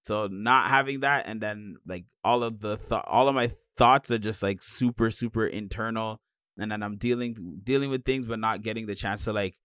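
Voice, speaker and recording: A man's voice: on the low side, normal speed, a bit bright, clear, resonant tone, dry recording, studio quality. A young man co-hosting a podcast in casual chat, tired, rambling with many restarts. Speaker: podcast co-host.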